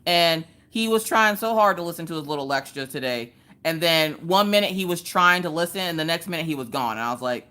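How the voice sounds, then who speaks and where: Her intonation lively and her speech fairly quick, a woman with a Southern US accent hosts an informal live stream. She talks loudly with viewers and jumps to squealing highs when welcoming them.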